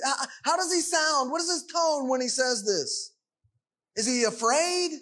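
A man's voice: very high voice, fairly bright tone. A man preaching a sermon, emphatic and full of rhetorical questions.

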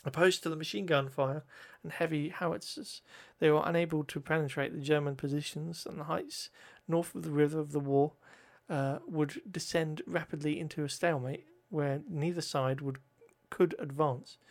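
A man's voice: a little high, steady tone, moderate pace, gravelly, few pauses. A man reading history notes aloud, often stumbling over words, correcting himself and adding joking asides.

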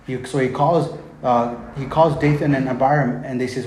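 A man's voice: medium pitch, steady tone, normal speed, a little mellow, roomy sound, a little hiss or hum, low-quality recording. A man preaching a sermon, reading Bible verses and paraphrasing them in casual slang. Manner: reads scripture, then retells it in casual slang.

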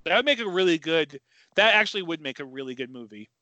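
A man's voice: on the high side, animated, quick pace, pushed and bright, no room sound. A man co-hosting a podcast in casual chat, rambling and opinionated with enthusiasm. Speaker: podcast co-host.

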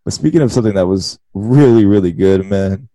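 A man's voice: on the low side, brisk, mellow, no echo. A man co-hosting a casual wrestling podcast, laughing often and acting out wrestlers' lines as he recaps. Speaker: podcast co-host.

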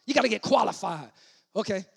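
A middle-aged man from New preaching a sermon in church, with call-and-response lines and shouted peaks. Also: high voice, lively intonation, brisk, gravelly, breathy edge. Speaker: pastor.

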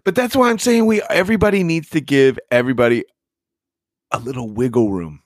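A man's voice: medium pitch, a little fast, no room sound, clean studio sound. A man hosting a podcast in casual chat, laid-back and profane, laughing easily. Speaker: podcast host.

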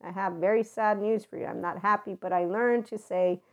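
A woman's voice: mid-range voice, fairly even intonation, fairly quick. A woman host telling personal stories in a blunt, profane way, often breaking into laughter. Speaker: podcast host. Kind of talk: candid storytelling monologue. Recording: dull lo-fi recording.

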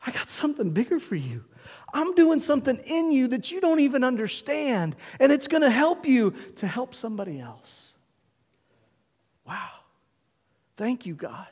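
A middle-aged male pastor preaching a sermon in a church, emphatic, with dramatic pauses and call-and-response. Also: very high voice, sing-song, a little mellow, long reverb tail. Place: church sanctuary.

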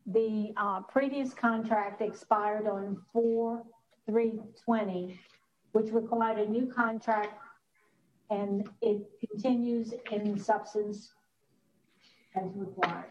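A woman speaking very slowly and carefully, pausing with hesitations as she clarifies meeting procedure. Her voice comes through dull and lo-fi with faint background noise. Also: mid-range voice, fairly even intonation, darkish tone. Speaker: council staff member.

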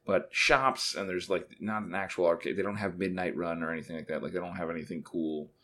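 Guy on a podcast, lowish voice, chatty and rambling, acts out the back and forth. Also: fairly even intonation, a little fast, a bit bright. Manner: rambling anecdote with mimicked dialogue. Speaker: podcast co-host. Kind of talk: casual chat, storytelling. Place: bathroom at home.

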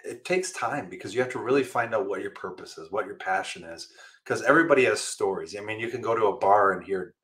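A middle-aged man, a firefighter and motivational speaker, answering interview questions with animated stories and frequent laughter. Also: lowish voice, fast talker. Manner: animated storyteller, laughs often, acts out quoted voices.

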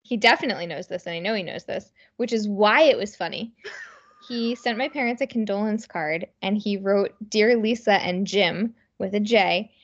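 A woman's voice: mid-range voice, normal speed, muffled recording. A woman co-hosting a podcast in casual chat, telling stories with lots of fillers. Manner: chatty storyteller, many fillers. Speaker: podcast co-host.

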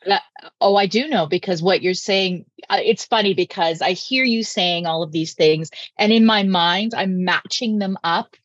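A woman podcast host and communication coach, talking in a lively, emphatic way. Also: on the low side, normal speed, dry recording, dull audio. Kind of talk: casual interview chat.

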